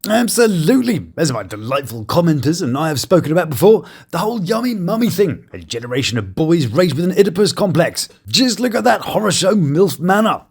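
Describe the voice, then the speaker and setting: A man hosts a comic review show, cracking sarcastic jokes over clips. His voice sits a bit high for a man and swoops widely in pitch. His delivery is animated and mocking. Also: fairly quick, few pauses, husky, faint music behind. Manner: sarcastic, jokey, lively. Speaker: YouTube show host and reviewer.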